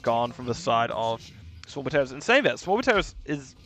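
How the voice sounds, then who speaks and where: A man with a New Zealand accent giving fast, casual play-by-play commentary on a live esports match. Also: medium pitch, sing-song, a bit bright, soft background music. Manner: rapid play-by-play, casual asides. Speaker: esports caster.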